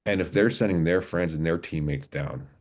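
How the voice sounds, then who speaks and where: Deep-voiced man, forties, earnest podcast guest, halting storytelling with restarts. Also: a little mellow. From Canada, Alberta. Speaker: podcast guest, former police officer. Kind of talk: casual storytelling interview.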